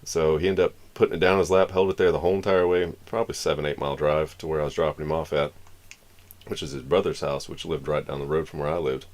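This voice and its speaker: A Floridian man on a live stream spins a long, rambling, casual tale and performs the lines of the characters. He has a bass voice with a steady tone and talks fast.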